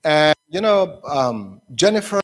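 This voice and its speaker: A man's voice: on the high side, very animated, measured pace. A man lecturing university teachers, telling classroom stories with many fillers and restarts and acting out his students' voices. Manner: acts out students' voices when quoting.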